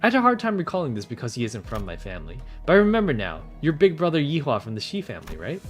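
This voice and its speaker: A man's voice: mid-range voice, wildly swooping pitch, fast, soft background music. A man voicing a cheerful, airy young nobleman in a game, raised into a sing-song tone.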